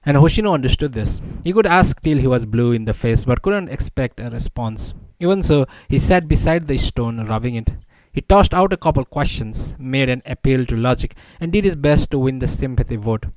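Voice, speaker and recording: A man narrating an audiobook in a measured, even storytelling voice. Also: medium pitch, dry recording, low-quality recording.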